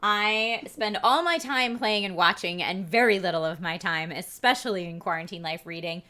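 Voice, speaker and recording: Bright-voiced chatty woman co-host. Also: lowish voice, moderate pace. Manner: chatty, frank, self-deprecating. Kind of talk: casual chat.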